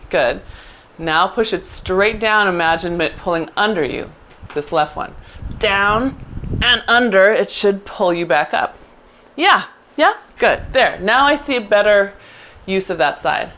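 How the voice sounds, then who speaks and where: A middle-aged woman teaching a Pilates mat class, giving quick encouraging cues and praising often. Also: medium pitch, fairly bright tone, slight background noise. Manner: encouraging, upbeat cues with frequent "good". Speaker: Pilates instructor. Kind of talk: live online class instruction.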